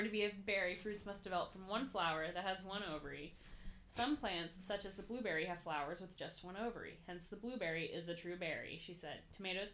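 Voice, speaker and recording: Young woman, podcast co-host, bright tense voice, giggly, faint background noise. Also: on the low side. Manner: giggly, stumbles over words while reading. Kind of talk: casual chat, reading an article aloud.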